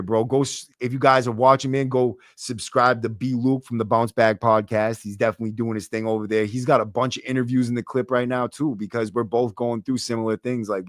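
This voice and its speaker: A man's voice: mid-range voice, steady tone, fairly quick, hardly any pauses, no echo, studio quality. A young man with a thick Boston accent hosting a casual livestream podcast, chatting to viewers in a brash, streetwise way full of swearing and slang. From Massachusetts. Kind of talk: casual livestream chat reading comments. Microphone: close podcast mic.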